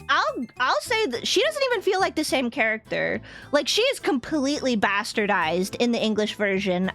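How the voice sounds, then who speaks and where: A young woman streaming and chatting casually with viewers in an animated way, laughing often. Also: fairly high pitch. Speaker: vtuber streamer. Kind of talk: casual livestream chat.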